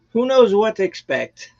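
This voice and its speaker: A man hosting a live stream, talking in a rambling, animated way and laughing often. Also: high voice, vocal fry, highs cut off. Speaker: host of a live music stream. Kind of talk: casual chat.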